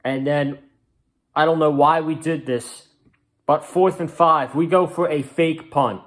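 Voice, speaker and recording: A man hosting a casual sports reaction recap, excitable and rambling, with lots of fillers. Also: on the high side, unhurried. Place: home, on a couch.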